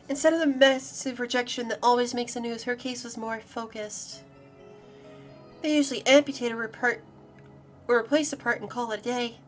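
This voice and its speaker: A woman's voice: fairly high pitch, natural voice. A woman voicing a weary, bitter bartender. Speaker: VTuber streamer. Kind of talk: reading a visual novel aloud.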